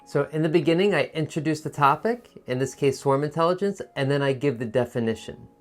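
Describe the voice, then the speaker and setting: A man's voice: fairly high pitch, a little fast, faint music behind. A man teaching a test-prep lesson in a patient, encouraging teacher voice, explaining step by step. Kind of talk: instructional video lesson.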